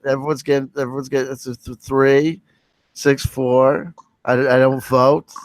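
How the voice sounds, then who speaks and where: A man hosting a live-streamed group chat, reading out votes with excitable, theatrical exclamations. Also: medium pitch, normal speed, no echo. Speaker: livestream host.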